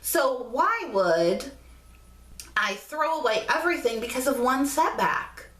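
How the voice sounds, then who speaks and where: A chatty, affectionate woman talks straight to her viewers in a casual motivational vlog. Her voice sits a little high. The room around her rings with echo. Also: very animated, unhurried, a bit bright. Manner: chatty and affectionate, coos at her dog in baby talk. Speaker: vlog host.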